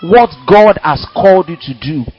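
A man preaching a sermon in a church, animated and dramatic, acting out little quotes as he goes. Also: high voice, moderate pace, breathy edge, highs cut off.

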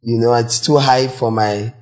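A male pastor preaching a sermon, urging and questioning his listeners directly, with a voice that cracks when he reaches high notes. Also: steady tone, measured pace, darkish tone. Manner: exhorting, breaks into high sung demonstrations.

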